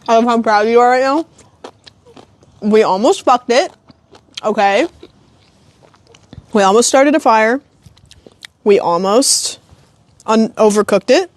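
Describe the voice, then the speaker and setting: A woman's voice: on the high side, takes it slowly, long pauses. A woman live-streaming from her phone at home, chatting casually to her viewers and her dog as she grills. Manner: chatty, rambling, talks to her dog and chat.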